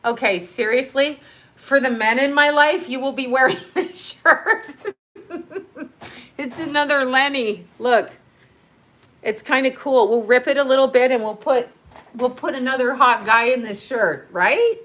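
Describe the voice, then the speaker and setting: Excitable middle-aged lady live streaming, bright punchy voice, laughing a lot and kinda out of breath. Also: high voice, a little slow. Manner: gushing, excitable, laughs often. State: heavy breathing. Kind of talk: casual live-stream chat.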